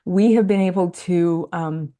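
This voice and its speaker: Woman coach, warm mellow tone, earnest step-by-step podcast explainer. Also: lowish voice, a little slow. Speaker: life coach guest. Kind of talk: podcast conversation.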